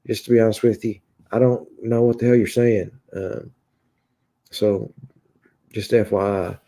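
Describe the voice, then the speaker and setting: A man from Kentucky with a Kentucky accent chats casually on a livestream and answers viewer comments as he reads them out. His voice is low, gravelly and dark. He talks haltingly, with frequent filler sounds and false starts. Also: fairly even intonation. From Kentucky, USA. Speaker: livestream host reading chat.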